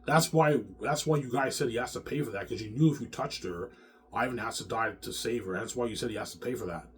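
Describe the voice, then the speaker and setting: A man's voice: mid-range voice, fast talker, a little hiss or hum. A man rambling in an agitated monologue to the camera, swearing often and repeating his words. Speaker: vlogger.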